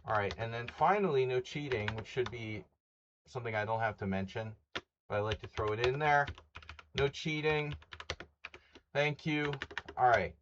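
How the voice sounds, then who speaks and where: A man's voice: mid-range voice, moderate pace, pauses often, dull audio, background noise. A man hosting a chess stream in a chatty, wry way, listing rules and greeting viewers. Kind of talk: casual live-stream chat.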